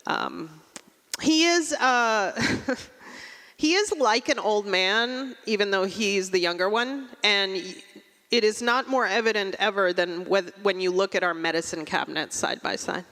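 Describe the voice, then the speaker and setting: A middle-aged woman doing a stand-up comedy set, with a dry, deadpan delivery and quick asides. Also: mid-range voice. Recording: long hall reverb.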